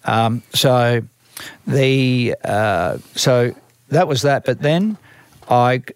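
A man's voice: mid-range voice, drawn-out words, smooth, dry recording. Australian man telling rambling stories. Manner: rambling, animated storyteller with frequent restarts and acted-out quotes. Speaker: band manager. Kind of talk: casual storytelling interview.

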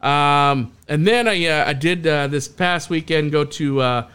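A man's voice: on the high side, a little slow, a bit bright, smooth. A man hosting a podcast in casual chat, laid-back and profane, retelling stories and leading into breaks. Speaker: podcast host.

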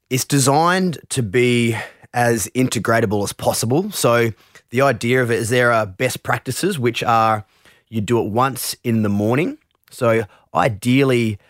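A man who teaches meditation, explaining his practice in an interview in a relaxed way, with frequent restarts and asides. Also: mid-range voice, no echo, studio quality.

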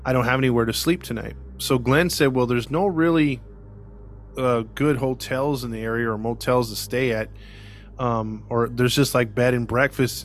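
A man hosts a casual podcast and tells a story in an animated way. He drops into the voices of the people he quotes and laughs often. Faint music sits behind him. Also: medium pitch. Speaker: podcast host.

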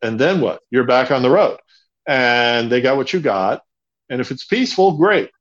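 A man's voice: mid-range voice, lively intonation, moderate pace, fairly bright tone, dull audio. A man being interviewed as a guest, talking emphatically, hammering points home by repeating words. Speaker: bunker company founder, interview guest. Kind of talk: conversational interview.

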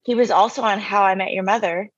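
A woman's voice: mid-range voice, fairly even intonation, fast talker, no echo. A woman in casual podcast chat who laughs easily and chimes in with chatty remarks. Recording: dull, dry lo-fi sound.

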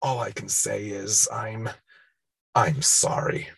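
A man's voice: on the low side, steady tone, slow pace, gravelly, fairly bright tone, breathy edge, no room sound, full character voice. A man voicing a timid, nerdy middle-aged father who speaks feebly and hesitantly. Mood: meek. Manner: meek, hesitant.

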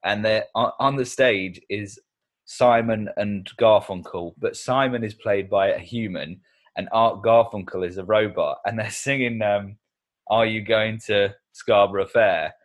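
A man's voice: on the low side, steady tone, unhurried. A man co-hosting a podcast in casual chat, who laughs easily and talks with animation. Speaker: podcast co-host.

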